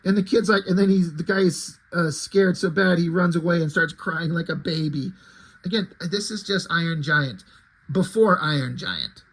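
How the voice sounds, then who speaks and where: Husky, high-voiced man chatting about comics. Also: normal speed, rough recording. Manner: chatty, rambling, swears casually. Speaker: comic book reviewer. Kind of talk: casual commentary.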